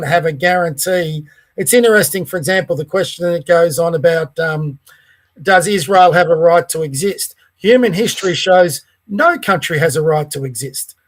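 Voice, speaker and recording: Aussie co-host guy, high voice, rambles on with strong opinions. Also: a bit bright. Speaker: podcast co-host. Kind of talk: casual podcast chat.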